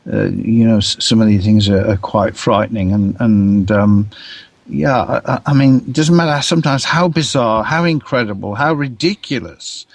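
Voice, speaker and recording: A man, a guest author on a radio interview, speaking haltingly and repeating words as he thinks. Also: lowish voice, creaky, no echo.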